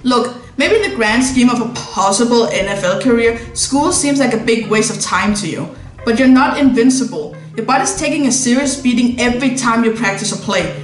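A woman's voice: fairly high pitch, expressive, brisk, faint music behind, lightly acted. A woman voicing an earnest young male college tutor who talks in a persuasive, encouraging way, recorded in an echoey room.

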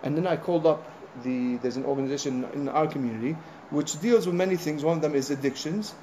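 Animated rabbi, man with a mellow voice. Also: a little high, fast talker, slight background noise. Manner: animated storyteller, acting out conversations; conversational, frequent "you know" asides. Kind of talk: informal sermon with storytelling.

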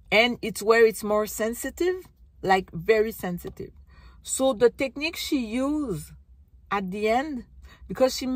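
Slow, halting woman telling her story. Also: a little high, dry recording. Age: middle-aged. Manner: halting, searching for words, many restarts. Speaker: vlogger. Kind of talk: personal recovery vlog.

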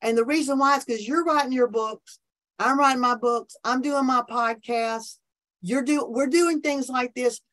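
A woman's voice: sits high, fairly even intonation, normal speed, a bit bright. A woman talking about faith in an enthusiastic, preachy way on a remote call from her office, often restarting her sentences. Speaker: podcast guest, minister. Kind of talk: animated faith conversation.

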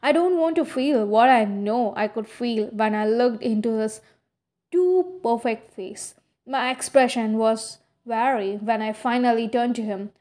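A woman reading a first-person novel aloud as an audiobook, in a halting way with frequent slips. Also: a little high, darkish tone. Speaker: audiobook reader.

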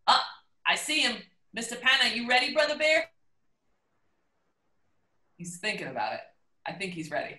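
Bright, upbeat woman hosting, roomy sound. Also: fairly high pitch, animated, a little slow, pauses often. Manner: upbeat and encouraging. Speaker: event host. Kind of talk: hosting a virtual showcase.

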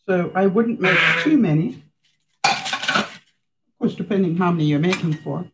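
A woman's voice: fairly low pitch, moderate pace, very noisy. Chatty woman cooking on a live stream. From Canada. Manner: chatty, laughs often, talks to viewers. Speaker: vlogger. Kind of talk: casual live cooking demonstration.

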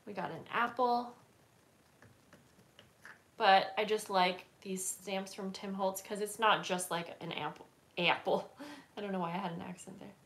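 A woman's voice: mid-range voice, a little slow, gravelly, pauses often, fairly bright tone. A woman hosting a casual craft livestream, chatting and rambling with lots of fillers while she stamps and works at her table. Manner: chatty, rambling, many fillers and self-corrections.

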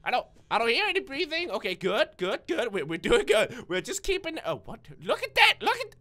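A man's voice: extremely high pitch, big pitch swings, a little fast, pushed and bright. A man giving let's-play commentary, nervous and stuttering, who bursts into screams when startled. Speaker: gaming video creator.

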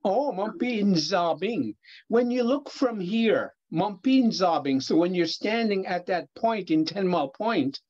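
A man's voice: sits high, lively intonation, measured pace, darkish tone. A man teaching a language class over a video call, encouraging his students and laughing easily. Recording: muffled video call audio.

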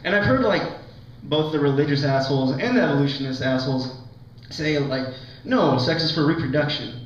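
A man's voice: fairly high pitch, brisk. Rambling young man doing stand-up. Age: young adult. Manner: rambling, full of likes and ums, self-mocking. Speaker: stand-up comedian. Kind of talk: stand-up set. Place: college lounge with a laughing audience. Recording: echoey lounge, distant, dull lo-fi sound.

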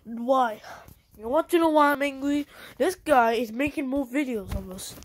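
A woman's voice: high-pitched, a little mellow. A young woman ranting angrily at another video maker, scolding and repeating herself. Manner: angry, repetitive, scolding. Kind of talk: angry rant at the camera.

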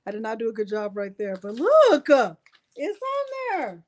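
A woman's voice: on the high side, wildly swooping pitch, normal speed. A woman hosting a live crafting tutorial, chatty and playful as she jokes with her viewers. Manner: chatty and playful, joking with chat. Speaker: crafting channel host.

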